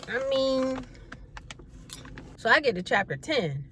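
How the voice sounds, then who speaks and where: A woman's voice: high voice, slow, a little hiss or hum. Slangy woman retelling a story for laughs. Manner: slangy, expressive, exasperated retelling. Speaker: video host. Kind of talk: comedic storytelling commentary.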